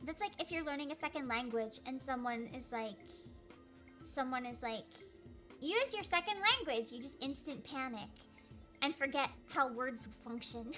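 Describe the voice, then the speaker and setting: A woman's voice: sits high, fairly even intonation, normal speed, fairly bright tone, faint music behind. A young woman streamer chatting casually through a Q&A, giggly and self-deprecating, with lots of fillers. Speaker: vtuber streamer. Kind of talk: casual Q&A chat.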